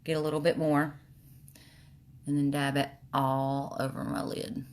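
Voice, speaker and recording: A woman's voice: deep voice, flat delivery, unhurried, a little mellow. A woman with a slight lisp, chatting casually while showing makeup on a livestream. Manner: chatty, reads viewer comments aloud.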